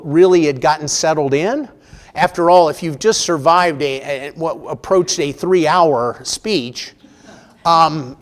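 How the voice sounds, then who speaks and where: Man lecturing on history, chatty. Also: a little high. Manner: informal, self-correcting, chatty asides; reads the address with rising emphasis. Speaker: history professor giving a public talk. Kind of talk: public lecture with a read-aloud speech. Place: lecture room with an audience.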